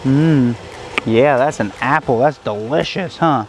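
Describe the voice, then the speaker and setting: A man hosting a casual vlog outdoors on a farm, chatty and excitable, talking to the animals and the camera. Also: medium pitch, a little slow, a little hiss or hum. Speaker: vlog host. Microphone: handheld action camera.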